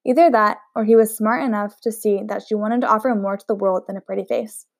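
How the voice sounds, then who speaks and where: A woman reading a novel aloud in a steady voice, with chatty asides. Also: mid-range voice, fast talker, dry recording, clean studio sound. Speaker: audiobook reader.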